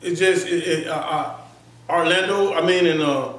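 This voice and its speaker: A man tells his story in an animated, casual way and keeps checking in with the listener. His voice sits high. He is recorded off-mic in an echoey room. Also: normal speed, far from the mic, very noisy. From Florida, US. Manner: animated, acts out voices, frequent "you feel me". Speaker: interview guest.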